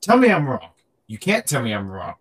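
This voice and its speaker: A man's voice: mid-range voice, huge pitch swings, a little fast. A man co-hosting a podcast, chatting casually and animatedly, joking and often repeating himself. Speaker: podcast co-host. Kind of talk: casual wrestling chat.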